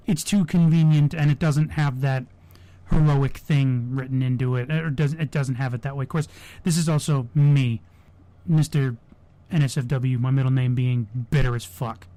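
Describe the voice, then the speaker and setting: A man's voice: medium pitch, dark tone, dry recording. Opinionated young man with a dry sound. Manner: opinionated, sarcastic, with frequent restarts. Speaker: podcast host. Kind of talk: casual wrestling prediction talk.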